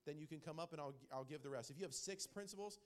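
Male pastor, sermon delivery, slightly high-pitched, earnest, repeats lines for weight. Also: fast talker. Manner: earnest, repeats key phrases for emphasis. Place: church hall with congregation.

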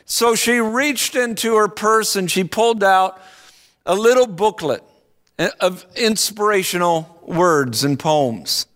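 A man preaching a sermon, telling a story in an earnest, deliberate way before turning to ask the listeners questions. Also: high-pitched, fairly bright tone. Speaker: pastor.

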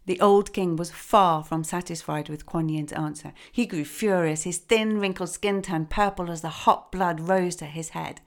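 A woman telling a traditional folk tale in a gentle, expressive reading. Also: lowish voice, normal speed, few pauses. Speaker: storyteller. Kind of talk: storytelling narration.

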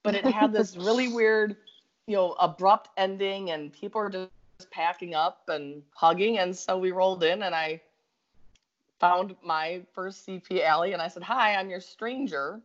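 A woman with a Minnesota accent telling a story in a casual chat, animated and quick to laugh. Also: lowish voice. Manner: animated, laughs often, talks in bursts. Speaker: guest storyteller. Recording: slightly dull lo-fi audio.

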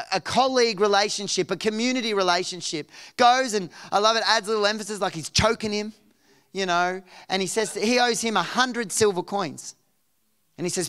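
A man preaching a sermon as pastor, expressive, dropping soft and low then rising to emphatic points. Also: clean tone.

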